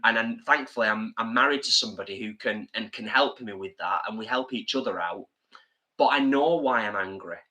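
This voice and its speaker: A Northern English man co-hosts a relaxed evening live stream from home. He reads viewer comments aloud and shares his thoughts in an earnest, chatty way. His voice is bright and forward, sitting at a middle pitch. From England. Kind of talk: casual live-stream chat. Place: home, drinking beer.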